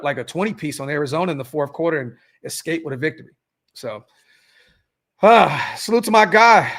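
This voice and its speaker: A man's voice: mid-range voice, a bit bright. A man hosting a casual sports fan podcast, ranting bluntly with lots of fillers, repeats and swearing. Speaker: podcast host.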